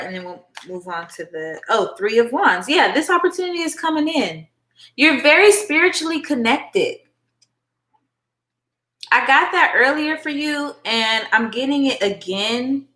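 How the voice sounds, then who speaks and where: A woman's voice: fairly high pitch, expressive, unhurried, bright, forceful tone. A woman giving a chatty, affectionate live tarot reading, calling viewers honey and baby girl. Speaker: tarot reader and livestream host. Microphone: phone. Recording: echoey room.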